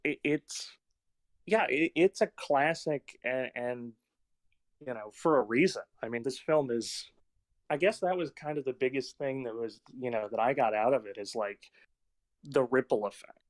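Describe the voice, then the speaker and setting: A man's voice: medium pitch, moderate pace, dry recording. A man hosting a casual film podcast, telling stories in a rambling way with plenty of fillers. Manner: rambling anecdotes with many fillers. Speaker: podcast host.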